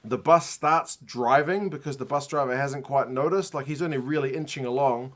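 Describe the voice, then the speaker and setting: Brief: male rugby host of average pitch spinning a loose, self-deprecating anecdote, chuckling through it. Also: normal speed, fairly bright tone. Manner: rambling, self-mocking anecdote with frequent laughs. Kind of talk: casual storytelling during a watch-along.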